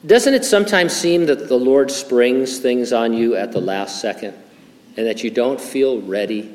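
A man's voice: medium pitch, lively intonation, moderate pace. Older man preaching in an echoey hall. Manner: conversational, many fillers and restarts, wry humor. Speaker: pastor. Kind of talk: sermon with Bible teaching.

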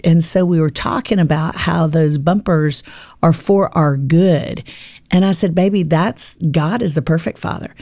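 A woman's voice: fairly low pitch, moderate pace, no room sound, clean studio sound. A middle-aged woman on a faith podcast, chatting and telling family stories, acting out the dialogue. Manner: warm storytelling, acts out dialogue with her daughter. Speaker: podcast guest, author. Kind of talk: casual faith podcast chat.

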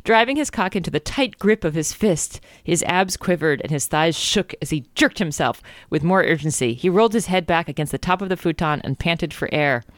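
A woman co-hosting, reading erotic fiction aloud in a deadpan way and breaking off with wry asides. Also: on the low side, fairly quick, hardly any pauses, dry recording, studio quality. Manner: deadpan narration broken by wry asides and laughter.

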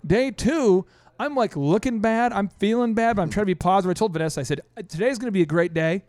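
A man hosting a business talk show, upbeat and animated, telling stories with quick restarts. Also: high-pitched, dry recording. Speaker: show host.

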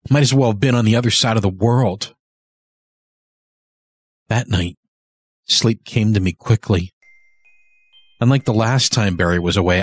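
Low, husky male horror narrator. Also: no room sound. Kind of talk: scripted horror story narration. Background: faint cello and double bass score.

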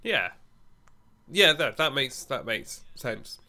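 Bright-voiced chatty man. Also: medium pitch, big pitch swings. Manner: giggly, chatty, quick to laugh. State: unwell. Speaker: podcast co-host. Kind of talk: casual chat.

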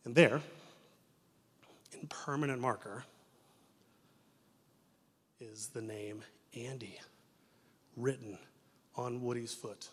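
A young adult man preaching a sermon in a church as pastor, telling stories in an animated way that moves between loud and hushed. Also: mid-range voice, takes it slowly, long pauses, slight background noise. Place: church sanctuary. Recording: reverberant church sanctuary.

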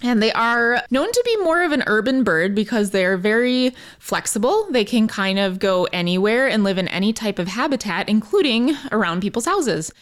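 A woman's voice: a little high, lively intonation, moderate pace, few pauses. A woman who manages a wildlife program, talking informally and enthusiastically in a radio segment, with fillers and the odd laugh.

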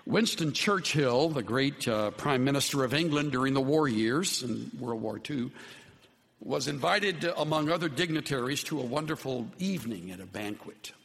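A male pastor delivering a sermon in an earnest, measured way, his voice sitting at an ordinary middle pitch. He often sinks into soft, low phrases to drive points home. The sound carries a long hall reverb, as in a large church sanctuary. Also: animated, creaky. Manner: earnest, dropping to soft low tones for emphasis.

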